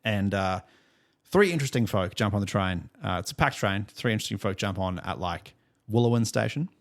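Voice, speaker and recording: Australian male podcast co-host, lower voice, loose rambling chatter with laughs. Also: lively intonation, a little fast. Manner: rambling storyteller, many fillers and laughs. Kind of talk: casual chat.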